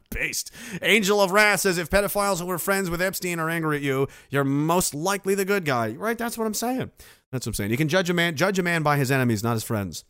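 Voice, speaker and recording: A middle-aged man hosts a casual livestream, reading viewer messages aloud and answering them with sarcastic rants full of swearing. His voice is fairly high, bright and smooth, he talks fairly quickly, and there's no room sound.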